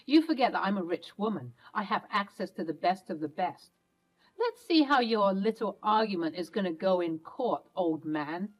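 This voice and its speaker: A woman's voice: mid-range voice, animated, normal speed, lightly acted, poor audio. A woman voicing a rich, cruel older mother-in-law who speaks in cold, contemptuous threats.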